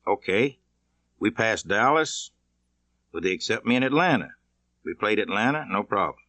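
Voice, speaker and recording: A man from Mississippi, reading his own memoir in a plainspoken, measured, conversational way. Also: on the low side, expressive, sharp tone, no echo. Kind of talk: audiobook narration.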